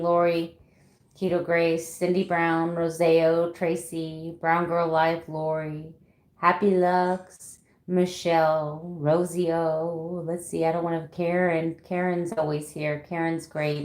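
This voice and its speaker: A woman's voice: on the low side, level tone, slow pace, darkish tone. A woman in her fifties chatting casually with livestream viewers, laughing often and reading out their names. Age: 50s. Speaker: keto vlogger. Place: home room. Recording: echoey room.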